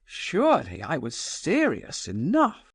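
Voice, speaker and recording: A man narrating a novel, voicing a proud, defiant young woman who speaks solemnly and forcefully. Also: a little high, huge pitch swings, takes it slowly, creaky, husky, no echo, pitched above the performer's own voice, exaggerated voice. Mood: scornful.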